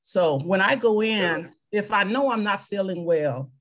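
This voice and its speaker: A woman's voice: medium pitch, animated, moderate pace, fairly bright tone. A woman in her fifties, a veteran and clinic worker, reading scripture and then talking earnestly about faith and service over a video call. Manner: earnest, faith-centered, speaks from personal experience.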